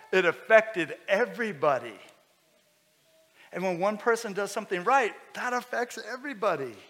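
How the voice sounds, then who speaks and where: Lively pastor preaching in a reverberant hall. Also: male voice, high-pitched. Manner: lively, conversational preaching with sudden loud bursts. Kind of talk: sermon. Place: church hall.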